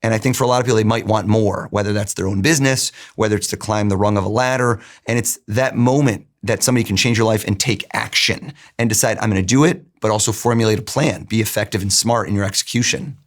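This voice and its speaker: A man being interviewed as a guest, telling a personal story in an animated, earnest way. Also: fairly low pitch, fast, hardly any pauses.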